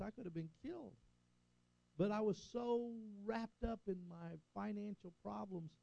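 An older man preaching from the pulpit, his voice gravelly and mellow. He swells and drops for emphasis and keeps asking the room for an "Amen?". The sound is dry and a little dull, as from a dull, lo-fi recording. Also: high voice, no room sound. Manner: preaching, rising and falling emphasis, call-and-response "Amen?". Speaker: pastor. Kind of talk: sermon.

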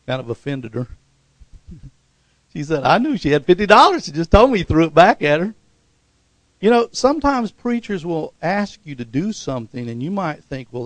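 A man preaching a sermon full of stories, climbing to loud excited peaks, acting out the voices in his tales and calling out for amens and hallelujahs. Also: on the high side, dry recording. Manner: calls for "amen" and "hallelujah" response. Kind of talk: sermon with storytelling.

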